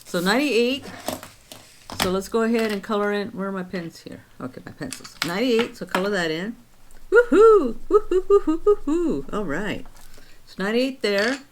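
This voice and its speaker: A woman's voice: mid-range voice, normal speed, noisy background. A woman in her sixties chatting casually on her vlog, counting her savings aloud and telling stories of her week. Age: 60s. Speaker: vlog host. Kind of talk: casual chat.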